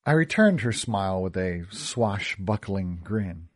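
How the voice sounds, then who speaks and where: A man tells a first-person story with an animated, rising and falling pitch. His tone is expressive, and he turns wry and joking in his own character's lines. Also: measured pace, hardly any pauses. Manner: expressive, wisecracking in dialogue. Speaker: audiobook narrator. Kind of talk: first-person audiobook narration.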